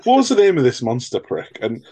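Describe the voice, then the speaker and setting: A man's voice: mid-range voice, very animated, fairly quick, dark tone, breathy edge. A man co-hosting a film podcast, rambling jokily through tangents and swearing freely in casual chat. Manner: rambling, jokey, swears freely, breaks into mock voices. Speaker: podcast co-host.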